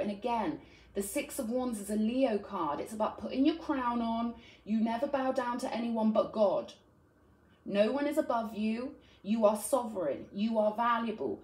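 A woman's voice: on the high side, a little mellow. A woman giving an earnest, affectionate tarot reading, often checking in with "right?". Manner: earnest and affectionate, frequent "right?" tag questions. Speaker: tarot reader. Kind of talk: spiritual tarot reading to camera. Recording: roomy echo.

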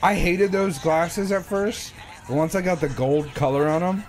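A man giving casual, sarcastic let's-play commentary, animated and swearing often. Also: high voice, normal speed, faint music behind. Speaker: gaming video host.

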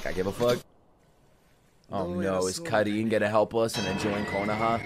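A man reacting to an anime episode live, excitable and swearing a lot as he talks back at the screen. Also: fairly low pitch, fairly quick, a little hiss or hum.

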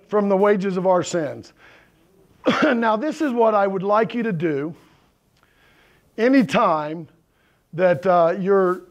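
In a church sanctuary full of congregants, a male pastor preaches a conversational sermon, often checking in with "right?" and "okay?". His voice is high-pitched, and the recording's highs are cut off.

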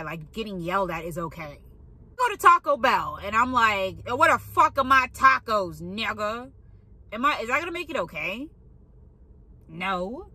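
A woman's voice: on the low side, sharp tone, a little hiss or hum. A young woman who works in a pharmacy, ranting in a blunt, profane and sarcastic way in a casual monologue. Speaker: pharmacy worker venting.

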